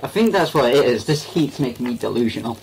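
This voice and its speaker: A man's voice: mid-range voice, lively intonation, fast talker, gravelly, slight background noise, rough recording. A young man giving goofy, rambling commentary while playing a game. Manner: goofy, rambling, talks to himself. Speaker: gaming video creator.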